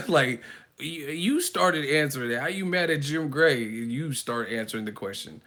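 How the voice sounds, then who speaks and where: A man hosting a live boxing chat, animated and profane, often breaking into laughter. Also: mid-range voice, normal speed, faint music behind. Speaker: boxing channel host. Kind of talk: live casual commentary.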